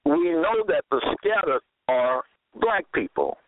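A man preaching a sermon and reading scripture aloud, slow and deliberate, often repeating phrases. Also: mid-range voice, very animated, no room sound. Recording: tinny phone-line audio.

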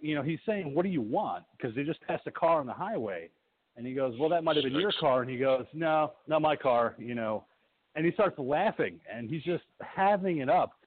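A man co-hosting a podcast, animatedly retelling movie scenes and acting out the characters' lines. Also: fairly high pitch. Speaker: podcast co-host. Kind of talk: casual movie recap. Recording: tinny phone-like line with faint hiss.

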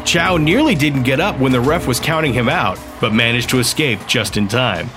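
Man, audiobook narrator, steady storytelling, faint background music. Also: mid-range voice, normal speed. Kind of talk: scripted narration.

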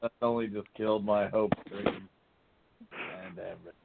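A man's voice: on the low side, fairly even intonation, normal speed, gravelly. A man chatting casually as a podcast co-host, loose and swearing freely. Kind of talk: casual chat. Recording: tinny phone-like with faint noise.

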